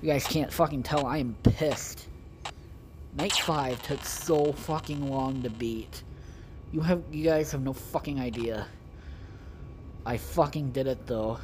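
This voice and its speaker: A man's voice: mid-range voice, a little slow, long pauses, background noise. A man doing casual let's-play commentary, profane, exasperated and rambling as he talks to his viewers. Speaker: gaming video creator.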